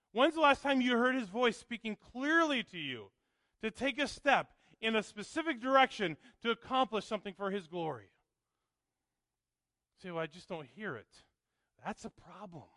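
A man's voice: extremely high pitch, bright, forceful tone, dry recording. A male pastor preaching a sermon, emphatic and full of rhetorical questions to the congregation.

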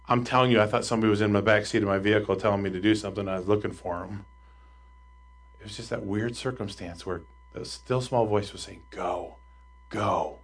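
A man, a pastor, preaching a sermon and telling a personal story, swinging between loud excitement and hushed asides. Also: lowish voice.

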